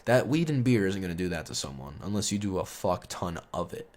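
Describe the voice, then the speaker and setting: A man's voice: low-pitched, very animated, fairly quick, darkish tone. A man telling a story in a casual, rambling, profane way, chuckling as he goes. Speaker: storyteller host.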